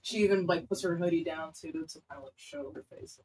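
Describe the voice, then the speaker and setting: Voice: mid-range voice, animated, brisk, vocal fry, a little hiss or hum, rough recording. A player casually describing their character's actions during a tabletop game.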